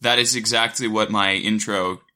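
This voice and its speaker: A young university student co-hosting a casual chat, telling stories in an animated way and laughing often. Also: male voice, fairly low pitch, normal speed. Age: young adult.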